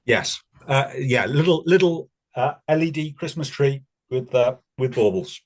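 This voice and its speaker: Man, husky voice, dry wry humor, casual quiz chat, video call. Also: medium pitch, unhurried. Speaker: quiz co-host.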